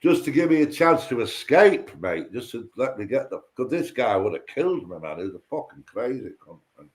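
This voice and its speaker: Man for a livestream chat, tells a rambling, profane story, restarts often, average pitch. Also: big pitch swings, fairly quick. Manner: rambling, sweary, repeats himself and stumbles on words. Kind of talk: casual storytelling.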